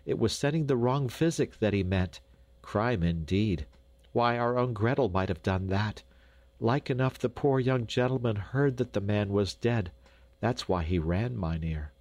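A man's voice: on the low side, a little slow, a little mellow, dry recording. A man voicing a humble Dutch peasant mother who pleads earnestly and frets. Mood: pleading.

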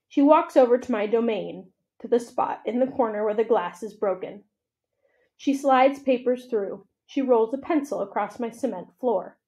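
A woman reading a children's novel aloud for a library, with expressive, steady storytelling. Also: fairly high pitch, highs cut off.

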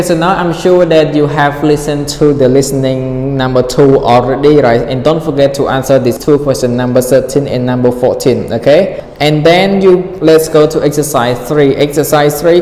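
A man teaching an English lesson, repeating vocabulary slowly and acting out rising and falling intonation. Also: medium pitch, darkish tone. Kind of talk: online classroom explanation. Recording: echoey reverberant room with faint noise.

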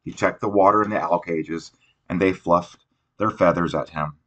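A man narrating an audiobook in an unhurried reading voice, now and then restarting a word. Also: sits low, a bit bright, lo-fi sound.

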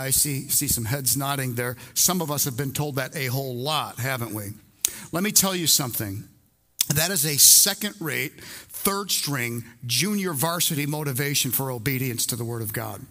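A man's voice: medium pitch, moderate pace, pushed and bright. A male pastor preaching a sermon to a congregation in an emphatic, conversational way, repeating his key phrases. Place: church service before a congregation.

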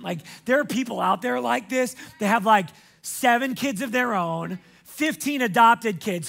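A man preaching a sermon as pastor, energetic and emphatic, casual and chatty with frequent fillers, sometimes shouting. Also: high-pitched, creaky.

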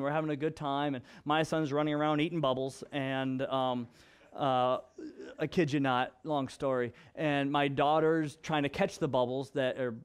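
A pastor with a fairly high-pitched voice preaches, mixing scripture with a story from home. He talks in a loose, conversational way and moves between emphatic and hushed. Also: clear, resonant tone. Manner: conversational with restarts and fillers. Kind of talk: sermon with personal storytelling.

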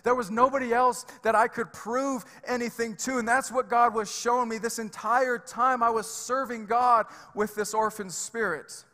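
A man's voice: very high-pitched, steady tone, normal speed, hardly any pauses, pushed and bright. A male pastor preaching a sermon in a church, emphatic and conversational, with fillers and repeated words. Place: church sanctuary. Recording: reverberant church hall.

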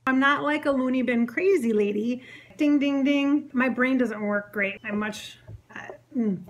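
A woman vlogging casually as a psychic, rambling and sassy, laughing often as she talks out loud. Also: high voice, unhurried. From Minnesota, US. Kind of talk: casual blooper vlog talk. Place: home, car and outdoors.

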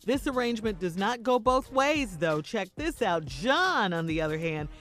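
A woman's voice: medium pitch, very animated, moderate pace, a bit bright, faint music behind. A woman co-hosting morning radio, chatty, reading gossip stories with laughing asides. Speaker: radio co-host. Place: radio studio.

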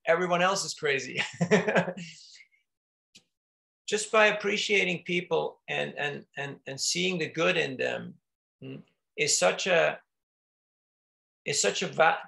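A man's voice: fairly high pitch, unhurried, creaky, long pauses, bright, forceful tone. A man, a monk, giving an informal spiritual talk, telling stories in a conversational way with frequent restarts and little laughs.

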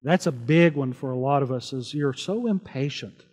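A man's voice: medium pitch, moderate pace, darkish tone, husky, in a large hall. A man preaching a sermon as pastor, earnest and conversational, asking the congregation rhetorical questions. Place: church sanctuary.

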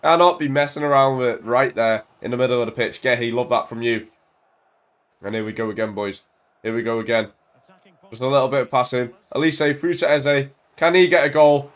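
Excitable young man commentating his football game. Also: medium pitch, fairly quick. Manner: excitable, banter-filled, shouts at goals. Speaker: gaming YouTuber. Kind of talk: casual live commentary over a football game. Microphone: desk mic.

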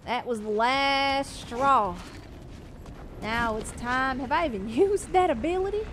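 A woman's voice: high voice, unhurried, fairly bright tone, a little hiss or hum. A woman streaming a video game with casual, playful commentary, chatting to herself and her viewers as she plays. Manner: playful, chatty, talks to herself while playing. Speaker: gaming streamer.

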